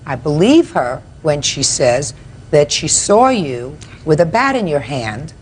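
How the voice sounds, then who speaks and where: A woman's voice: low-pitched, big pitch swings, unhurried, a little mellow, a little hiss or hum. An older woman presiding as a TV judge, questioning litigants bluntly and with command. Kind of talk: courtroom questioning.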